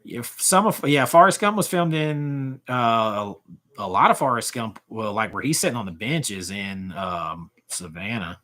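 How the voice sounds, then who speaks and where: A man's voice: fairly low pitch, a little slow, bright, forceful tone. A man in his forties hosting a casual livestream, rambling as he answers chat comments, often trailing off and restarting. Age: 40s. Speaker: livestream host.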